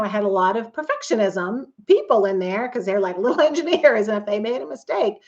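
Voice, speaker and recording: A woman's voice: mid-range voice, dull audio. A woman coach giving a conversational, earnest teaching talk, now and then acting out quoted voices. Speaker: coach and author.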